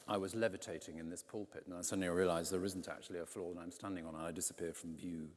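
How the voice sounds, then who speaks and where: Deep-voiced vicar preaching in a reverberant church. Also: male voice. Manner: conversational, animated storytelling with quoted voices. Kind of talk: sermon. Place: large stone church, in a pulpit.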